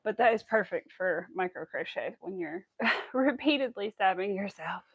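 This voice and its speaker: A woman hosting a casual crochet livestream, chatting to her viewers as she works and cooing at her cat in a high baby voice. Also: animated, moderate pace, gravelly, husky, dry recording, muffled recording. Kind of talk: casual chat while crocheting.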